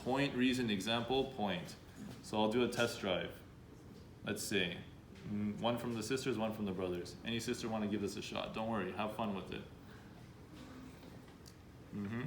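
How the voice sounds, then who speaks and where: A man's voice: on the low side, moderate pace, long pauses. A man leading an interactive workshop for students, upbeat and coaxing the audience with questions. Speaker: workshop speaker. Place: room with students. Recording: echoey room, faint background noise.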